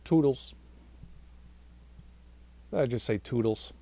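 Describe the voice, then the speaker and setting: A man's voice: mid-range voice, moderate pace, darkish tone. A tired man, a vlogger and stage actor, rambling to camera in a chatty, self-mocking way and talking on past his own sign-off. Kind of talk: rambling casual monologue to camera.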